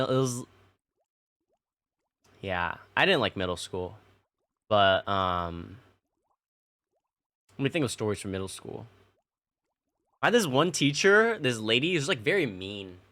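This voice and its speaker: A man's voice: medium pitch, sing-song, a little slow, long pauses, pushed and bright. A young man casually telling childhood stories to his stream chat, rambling and swearing with plenty of fillers. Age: young adult. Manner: rambling, profane, lots of fillers.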